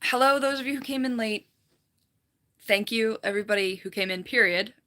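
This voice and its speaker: A woman's voice: a little high, brisk, sharp tone. A woman hosting a casual live stream from home, chatting with her viewers, giggling often, her voice worn and slightly fried. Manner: chatty, giggly, rambling, reads chat aloud. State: voice worn, slight vocal fry. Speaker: livestream host, falconer. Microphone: computer mic.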